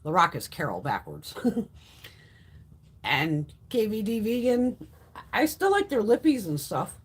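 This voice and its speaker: Hosting a casual beauty livestream, a woman reads viewer comments and shares blunt opinions laced with heavy profanity. Her medium-pitched, husky voice is sing-song and a little slow, and she rambles chattily with frequent restarts.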